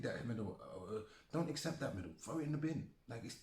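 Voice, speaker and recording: Deep-voiced man in a heated football rant. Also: very animated, quick pace, few pauses, a little mellow, a little hiss or hum. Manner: repetitive, heated, swearing. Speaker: football fan commentator. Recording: echoey room.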